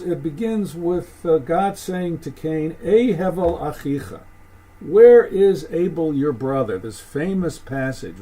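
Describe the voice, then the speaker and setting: A man giving a thoughtful lecture on Jewish texts, halting and restarting as he explains. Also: fairly high pitch, darkish tone, slight background noise, low-quality recording. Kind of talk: recorded lecture.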